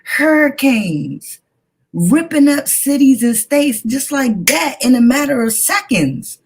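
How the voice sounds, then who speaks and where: A woman talking fervently and with excitement in a religious discussion. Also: sits high, slow pace, slight background noise.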